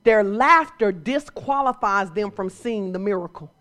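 A woman preacher delivering a sermon, moving from quiet storytelling to shouted exhortation. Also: medium pitch, lively intonation, unhurried.

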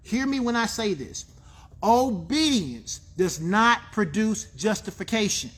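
A man's voice: sits high, lively intonation, unhurried, a bit bright, slightly rough. A man preaching a sermon as pastor, emphatic, repeating key phrases and calling for responses from the congregation.

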